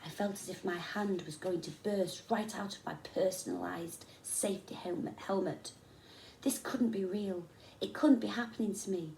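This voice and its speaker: A woman teacher reading a children's story aloud with expressive, dramatic storytelling. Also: lowish voice, distant mic, slight background noise. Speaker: primary school teacher. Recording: echoey room.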